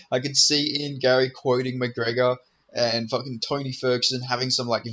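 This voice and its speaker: A man's voice: mid-range voice, sharp tone, muffled recording. A man giving a rambling, profane, joking preview of upcoming fights in casual commentary. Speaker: MMA commentator.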